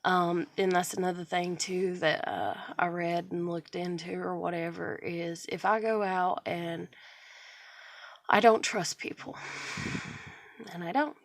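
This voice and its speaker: Woman, 30s, confessional vlogger, rambling and profane, lower pitch, dry close sound. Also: fairly even intonation, measured pace, no echo. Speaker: vlogger sharing personal stories. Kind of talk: confessional monologue.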